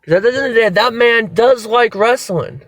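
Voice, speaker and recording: A man reviewing a wrestling show in a casual video, excitable and rambling, swearing freely as he goes. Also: extremely high pitch, brisk, dry recording.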